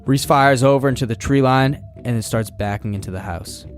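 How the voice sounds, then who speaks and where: A man's voice: medium pitch, a little fast, faint music behind. A man co-hosting a podcast, reading a scary story aloud in a casual, profane way. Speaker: podcast co-host.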